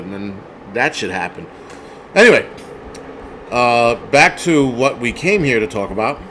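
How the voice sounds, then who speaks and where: A man hosting a livestream, telling a story in a profane, animated rant and thanking viewers. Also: on the high side, slight background noise. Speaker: host.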